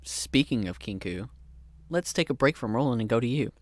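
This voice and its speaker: A man's voice: medium pitch, animated, normal speed, no room sound. A man running a tabletop game as game master, narrating in a casual manner with the odd swear word.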